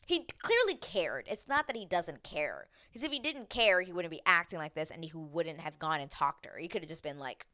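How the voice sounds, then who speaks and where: A woman hosting a casual TV recap, animated and swearing freely as she acts out what people said. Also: low-pitched, a little fast, few pauses, no room sound. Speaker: recap show host.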